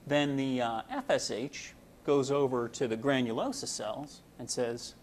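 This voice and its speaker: A man's voice: medium pitch, unhurried, few pauses, a little hiss or hum. Casual folksy man lecturing. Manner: casual, folksy, many fillers. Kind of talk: medical lecture with analogies.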